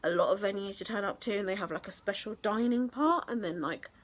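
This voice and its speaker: A woman's voice: mid-range voice, a little fast. A young woman from England, telling a story in a casual vlog, chatty and gushing with many fillers. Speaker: vlogger.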